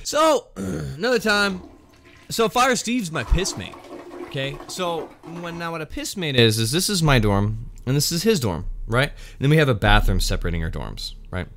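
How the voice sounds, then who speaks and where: A man's voice: fairly high pitch, very animated, moderate pace, creaky, a bit bright, a little hiss or hum. A young man and former military firefighter, telling rambling, wry stories in a casual vlog. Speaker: firefighter storyteller.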